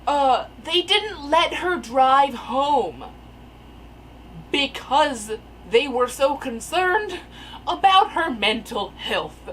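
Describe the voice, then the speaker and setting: A young woman telling a rambling, animated story in casual storytime style from her attic room. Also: sits high, extremely slow, a little hiss or hum, low-quality recording. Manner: rambling, animated, filler-heavy. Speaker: storyteller vlogger. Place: attic bedroom. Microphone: camera mic.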